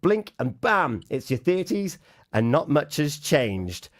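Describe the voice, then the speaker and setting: A man's voice: a little high, very animated, slow pace. A man hosting a breakfast radio show, chatting casually with a guest and laughing easily.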